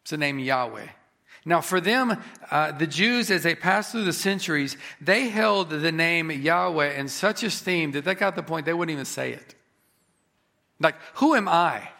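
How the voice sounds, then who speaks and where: Gravelly, bright-voiced male preacher. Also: on the high side, animated. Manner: emphatic, rising on key phrases, slowing for effect. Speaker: pastor. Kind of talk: sermon.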